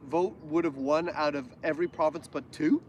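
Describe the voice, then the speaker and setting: A man's voice: on the high side, fairly even intonation, normal speed, a little mellow, a little hiss or hum. A Canadian man co-hosting a casual livestream chat, jokey and prone to going off on tangents. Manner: chatty, jokey, goes off on tangents. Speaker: livestream co-host.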